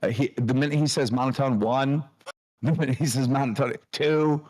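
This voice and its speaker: A man hosting a livestream, scolding and mocking a co-host in a loud, profane rant. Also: mid-range voice, fairly even intonation, normal speed. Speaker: show host.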